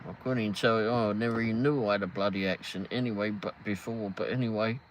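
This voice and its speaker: A man in his fifties with an English accent hosts a casual live stream, speaking fast in a fairly low, steady voice. The recording is low quality with a little hiss or hum, and he rambles, reads chat aloud and laughs often.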